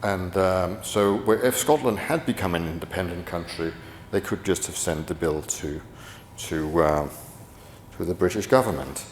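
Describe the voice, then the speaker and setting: Deep-voiced man lecturing in an echoey hall. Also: normal speed, a little hiss or hum. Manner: rambling, many restarts and fillers. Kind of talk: conference talk. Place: conference hall.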